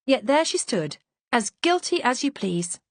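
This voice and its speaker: A woman's voice: sits high, big pitch swings, a little slow, no echo. A woman reading a first-person mystery audiobook in a composed, wry storytelling manner. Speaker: audiobook narrator.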